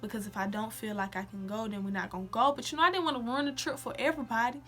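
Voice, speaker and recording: A woman's voice: fairly high pitch, rapid-fire. A young woman telling a personal story in a casual, slangy vlog, acting out quotes. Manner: animated, slangy, acts out quotes. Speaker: vlogger.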